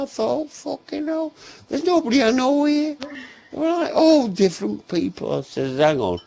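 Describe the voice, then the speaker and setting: Older man, gravelly and very animated, telling a foul-mouthed comic anecdote and doing all the voices himself. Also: mid-range voice. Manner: swears constantly, acts out both sides of dialogue, laughs often.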